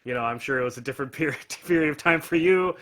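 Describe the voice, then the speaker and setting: A man's voice: fairly high pitch, very fast, fairly bright tone. A man in his thirties, a podcaster, chatting casually from his home bar and giving strong opinions with frequent laughs. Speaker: podcaster guest. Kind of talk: casual chat.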